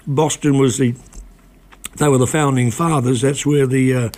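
An older man, a former reporter, talking as a guest in a casual conversation, halting often with restarts and repeated words. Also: mid-range voice, fairly even intonation, darkish tone.

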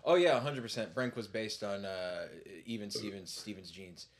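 A man talking as a podcast guest in a casual, animated, joking way. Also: lowish voice, moderate pace.

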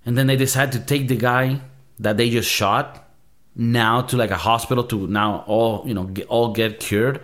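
A man's voice: mid-range voice, steady tone, moderate pace, fairly bright tone. A man hosting a movie review show, ranting in a casual, profane, exasperated way.

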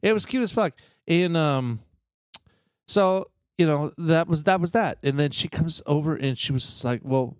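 A man's voice: a little high, moderate pace, clear, resonant tone, dry recording, clean studio sound. A man co-hosting a podcast, rambling through a story in casual chat and swearing freely. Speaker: podcast co-host.

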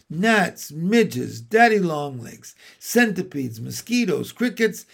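A small, clever female spider speaks in a calm, practical way, plainly explaining how things are, as a man reads her in a storybook. The voice sits a little high and moves slowly, with a gravelly edge. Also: heavily acted. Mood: matter-of-fact. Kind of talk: storybook read-aloud.

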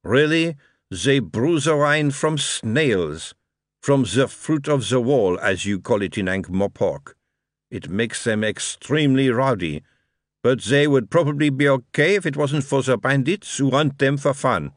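A man doing a courteous, faintly condescending marquis in an audiobook, a bit higher than his own voice and very lively in pitch. The delivery is dry and close-miked. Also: unhurried, no echo, lightly acted. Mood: formal. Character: aristocratic Quirmian marquis, polite, dry.

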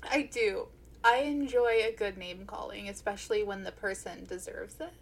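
A woman's voice: medium pitch, normal speed, gravelly. A young woman co-hosting a book podcast, retelling scenes with lots of laughter and "like" fillers. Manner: giggly, animated retelling with "like" fillers. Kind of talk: casual book chat.

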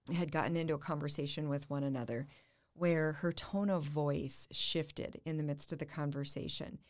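Low gravelly-voiced woman therapist. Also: darkish tone. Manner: thoughtful, measured, builds points through repetition. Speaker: family and marriage therapist, guest. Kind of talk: reflective interview answer.

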